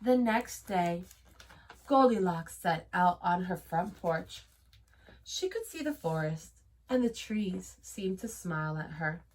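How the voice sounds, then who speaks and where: A woman teacher reading a storybook aloud to children, expressive, gasping and pausing. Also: fairly low pitch. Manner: expressive, with gasps and pauses. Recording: voice from a distance.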